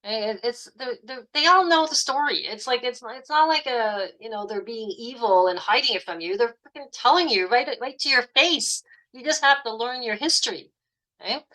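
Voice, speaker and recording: A woman's voice: a little high, moderate pace, pushed and bright, rough recording. A woman teaching an online class, explaining at length and checking in often with "okay?" and "right?". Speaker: astrology and esoteric teacher.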